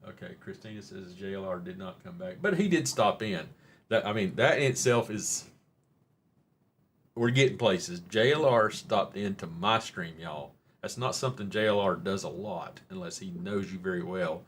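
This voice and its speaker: A man with a Southern Oklahoma drawl hosts a loose live stream chat, wandering from topic to topic and teasing his viewers in a folksy way. His voice sits a little low. A faint hum of noise runs underneath. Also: normal speed. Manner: rambling and folksy, jokes with chat, says y'all.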